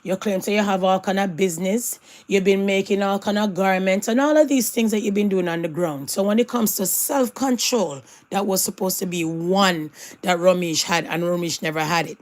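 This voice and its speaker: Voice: mid-range voice, normal speed. A commentator giving emphatic opinion commentary, repeating points and slipping into patois phrases. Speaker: online commentator.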